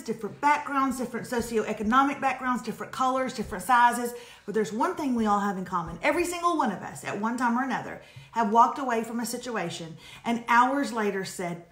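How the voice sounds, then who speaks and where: A woman co-hosting a casual live advice chat, talking in a sassy, emphatic, animated way. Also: a little high. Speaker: co-host giving advice. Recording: echoey room.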